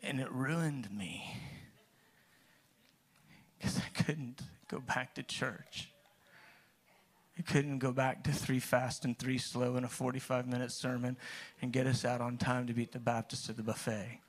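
A man's voice: medium pitch, fairly even intonation, unhurried. A man preaching, telling his own story in a conversational way, with restarts that build to emphatic peaks. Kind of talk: personal testimony sermon.

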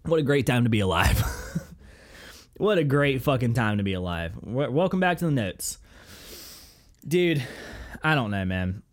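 A young man hosting a podcast, telling a story in a profane, rambling, excitable way. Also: mid-range voice, unhurried, pauses often. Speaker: podcast host. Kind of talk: casual chat.

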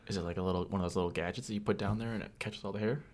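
A man's voice: deep voice, steady tone, racing, darkish tone. A man, a guest in a casual podcast chat, answering with short dry replies.

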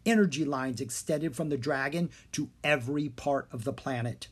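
A narrator reading a children's storybook aloud. The delivery is clear and expressive, with a medium-pitched voice. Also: normal speed. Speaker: audiobook narrator.

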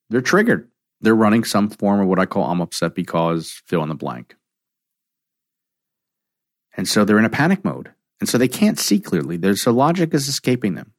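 A man's voice: on the low side, a little fast, dry recording, studio quality. A middle-aged man, a counselor, talking reflectively about emotional triggers and acting out quoted conversations. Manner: animated storyteller, acts out quoted dialogue.

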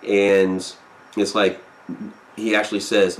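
A man with a somewhat low voice talks casually to his live audience. He rambles, pauses on fillers and reacts to viewer comments as he reads them. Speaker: live stream host.

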